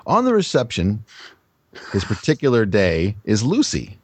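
A man with a fairly low voice reads a clumsy script aloud and trips over the words. His pitch rises and falls widely as he goes. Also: wildly swooping pitch, measured pace, darkish tone, breathy edge, no echo. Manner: stumbles over words, self-corrects. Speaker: reader in a group reading game. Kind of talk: dramatic reading of a bad script.

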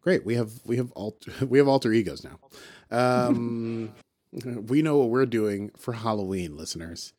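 A man with a middle-pitched voice talks through an episode recap in loose, casual chat. He rambles, laughs at himself and tosses off quick character voices whenever he quotes someone. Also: darkish tone. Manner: rambling, playful, does quick character voices when quoting. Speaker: podcast co-host.

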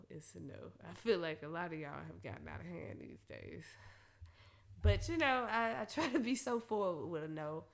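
A woman talking straight to her listeners in a blunt, profane casual monologue, laughing often and getting loud and animated when she rants. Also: lowish voice, creaky. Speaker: solo talker giving advice.

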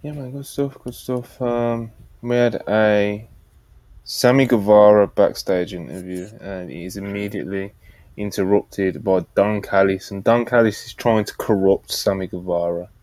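A man's voice: fairly low pitch, steady tone, unhurried, darkish tone, no room sound. A man hosting a podcast, casually recapping wrestling in a rambling way, with laughs and restarts. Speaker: podcast host. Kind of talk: casual wrestling review chat.

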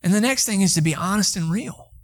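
A young pastor from Atlanta delivers a sermon, slipping into casual stories. His voice sits a little high for a man, and he speaks in an animated, conversational way. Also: brisk. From Atlanta, Georgia.

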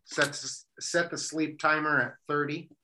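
A man's voice: on the high side, fairly even intonation, measured pace, noisy background. Rambling, joking male radio co-host. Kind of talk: casual banter.

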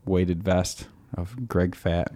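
A man's voice: low-pitched, slow, mellow, no echo. A young man from the Midwest hosting a casual podcast chat, rambling and laughing often. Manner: laid-back, laughs often, rambling asides. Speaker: podcast host.

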